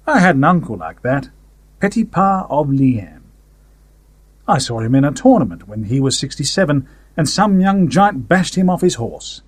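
A man's voice: fairly high pitch, sing-song, normal speed, husky, no room sound. A man reading a story aloud in a wry, conversational first-person manner. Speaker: story narrator. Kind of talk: audiobook fiction reading.

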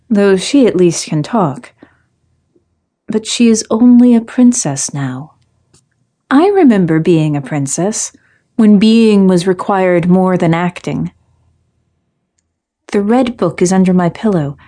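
A woman narrating a first-person fairy tale story in a measured, literary, reflective way. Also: mid-range voice, warm tone.

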